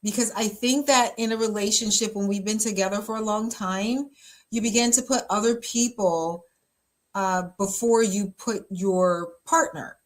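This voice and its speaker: A woman pastor gives casual relationship advice, chatty and emphatic, with lots of fillers and easy laughter. Her medium-pitched voice keeps a fairly even intonation at a moderate pace.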